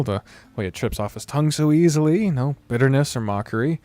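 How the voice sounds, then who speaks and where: A man's voice: mid-range voice, quick pace, few pauses, darkish tone, dry recording. A man streaming a story game, reading its narration aloud in a playful manner. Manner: playful, laughs between lines.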